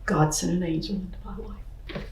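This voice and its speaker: Middle-aged woman, lowish voice, earnest storyteller with many asides, roomy echo. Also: steady tone, normal speed, creaky, a little mellow, slight background noise. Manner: earnest, many "I mean" asides, acts out quoted speech. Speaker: interview guest, painter. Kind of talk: personal storytelling in an interview.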